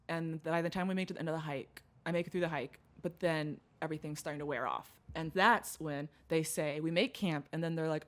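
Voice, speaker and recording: A young woman guest on a podcast, telling a long story in casual chat, acting out quotes, laughing often and swearing. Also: sits low.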